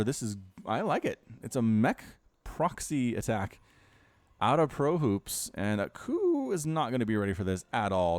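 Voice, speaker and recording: A man commentating a strategy game replay in a chatty way, talking straight to his viewers. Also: mid-range voice. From United States. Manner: animated, chatty, addresses viewers directly. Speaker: esports caster.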